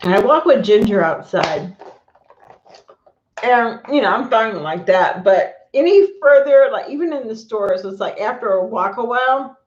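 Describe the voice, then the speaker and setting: A woman's voice: a little high, lively intonation, unhurried. A middle-aged woman chatting casually on a live stream at home, talking to viewers and her pets, recorded on a phone or camera mic. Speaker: vlogger. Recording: echoey room, dull lo-fi sound.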